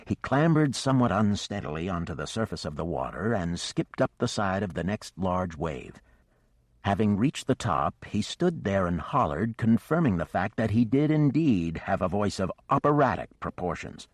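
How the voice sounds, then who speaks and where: A man with a lowish voice narrates a fantasy audiobook, with an animated, storytelling delivery. He sounds close to the mic in a dry, dead room. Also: normal speed, no echo. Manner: expressive storytelling. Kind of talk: scripted narration.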